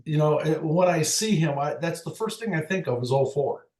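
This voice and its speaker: A man, a former umpire, recalling baseball stories in casual chat, halting and restarting often. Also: a little high, animated, darkish tone, reverberant. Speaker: retired umpire guest.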